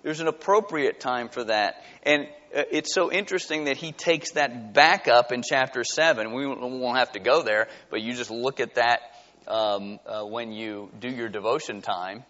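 A pastor preaching a conversational sermon, full of rhetorical questions and lively asides. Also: male voice, medium pitch, normal speed. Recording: dull sound with long hall reverb.

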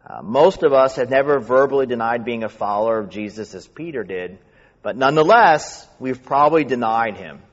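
A man from New York with a faint New York accent, a pastor preaching fast and reading scripture. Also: medium pitch, lively intonation. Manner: talks fast. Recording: echoey hall, dull sound.

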